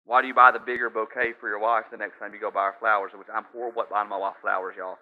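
A pastor with a lowish voice delivers a conversational, story-driven sermon at a quick pace and level tone, peppering it with asides to the audience. The recording has a slightly dull lo-fi quality.

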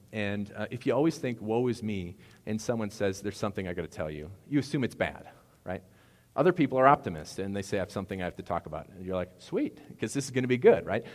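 A man's voice: on the low side, darkish tone. A man preaching a sermon as a pastor, talking conversationally with playful asides. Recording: long hall reverb.

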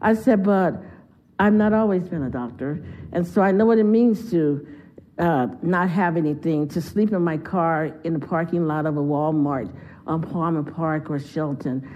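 A woman's voice: sits low, moderate pace, dull audio. A woman giving a heartfelt, conversational sermon as a guest speaker in a church. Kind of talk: sermon storytelling.

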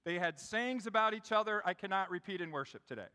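A man's voice: sits high, animated, fast, few pauses, pushed and bright, long reverb tail. A middle-aged man preaching a sermon in a church, telling a story in a conversational way and speaking straight to the congregation. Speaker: pastor. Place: church sanctuary.

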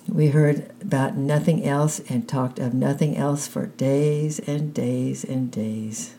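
A woman calmly reading a children's novel aloud in the first person, unhurried. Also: rumbling low. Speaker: audiobook reader.

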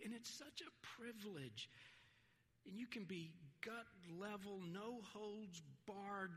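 Pastor guy preaching, high bright voice, chatty and earnest, big hall echo. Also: breathy edge. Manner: conversational, earnest, breaks into quoted voices and light laughs. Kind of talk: sermon.

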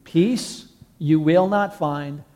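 A man's voice: fairly high pitch, extremely slow, mellow. A man speaking as a solemn, assuring Jesus.

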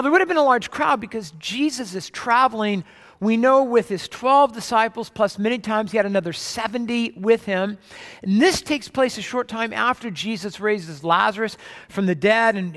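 In a church sanctuary, a high-pitched man with a fairly bright tone preaches as pastor, speaking conversationally and restarting often. Long hall reverb fills the recording.

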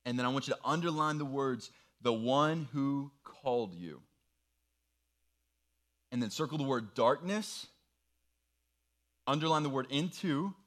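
Man, earnest youth preacher, encouraging, step-by-step instructions, mid-pitched voice. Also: lively intonation, a little slow, long pauses, fairly bright tone. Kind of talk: sermon with worksheet activity.

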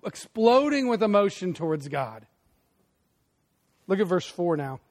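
A male pastor preaching a sermon in a conversational way, with loud bursts, hushed emphasis and frequent asides to the congregation. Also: high-pitched, sing-song, measured pace.

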